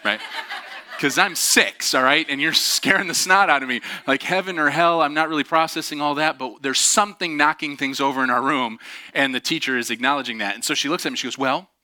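A man's voice: a little high, fast, sharp tone. A man preaching a sermon as a pastor, telling a story in a casual, self-deprecating way with many fillers and restarts.

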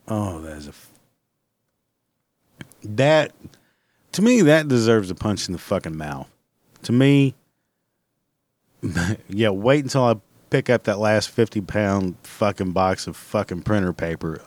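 A man's voice: on the low side, animated, a little slow, pauses often, darkish tone, no echo. A man hosting his own podcast from home, ranting in a casual, blunt and rambling way with constant swearing. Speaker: podcast host. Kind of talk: casual solo podcast rant.

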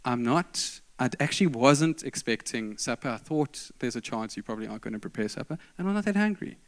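A man quietly voicing his calm, gentle wife during a sermon story, soft and low. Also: fairly quick, close to an everyday voice. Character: calm, gentle wife who refuses fuss.

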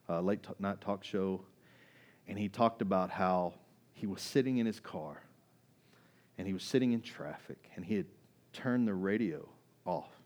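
A male pastor preaching a sermon, swinging between loud fervent peaks and soft, low asides, talking conversationally with restarts and repeated words.

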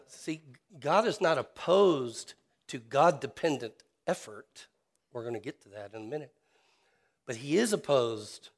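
A man preaching a sermon as a pastor, talking in an earnest, conversational way and often restarting and repeating his words. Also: medium pitch.

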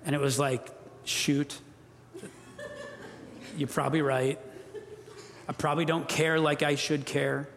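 Earnest pastor preaching in a reverberant hall. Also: male voice, on the high side, level tone, moderate pace, vocal fry, slight background noise. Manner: earnest, emphatic, leads congregation call-and-response. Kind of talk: sermon. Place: church sanctuary. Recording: long reverb of a church hall.

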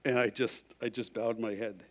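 A middle-aged male pastor preaching a sermon, telling a personal story with loud emphasis that drops to a hushed, confessional tone. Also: mid-range voice, fairly even intonation, moderate pace.

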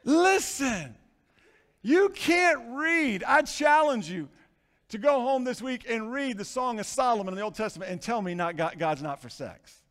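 A man preaching a sermon as pastor, swinging between hushed lines and shouts. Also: extremely high pitch, lively intonation, moderate pace. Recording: long reverb of a large hall.

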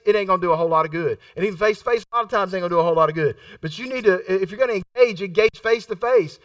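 High bright-voiced male preacher. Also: dry recording, far from the mic. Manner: conversational, repeats phrases for emphasis; acts out quoted voices in his storytelling. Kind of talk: sermon.

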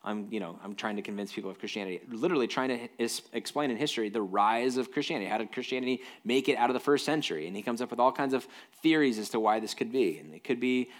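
A man preaching a relaxed, conversational sermon at a medium pitch. He mixes scripture reading with quick, animated asides and plain-spoken explanations. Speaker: pastor.

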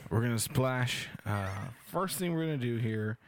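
A man's voice: mid-range voice, expressive, moderate pace, slight background noise. A man hosting a casual podcast, joking crudely and laughing often between lines. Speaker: podcast host.

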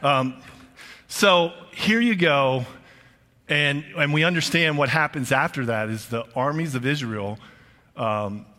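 Slow and somewhat high, his voice comes out pushed and bright. The elderly preacher speaks emphatically and casually from the pulpit, frequently restarting lines, and the big church hall rings with long echo.

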